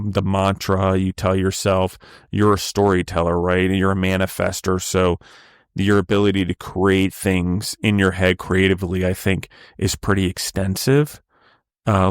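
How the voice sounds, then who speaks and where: Deep smooth-voiced male podcast host. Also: no room sound, studio quality. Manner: measured, reflective, repeats phrases while searching for words. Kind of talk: interview conversation.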